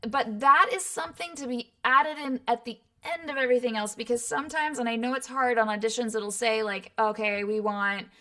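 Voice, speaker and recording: A woman's voice: fairly high pitch, a little fast, hardly any pauses, bright, forceful tone. A woman voice actor from Los Angeles, talking casually in an interview and peppering her points with fillers and "right?". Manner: chatty, many fillers and "right?" tags. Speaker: guest voice actor.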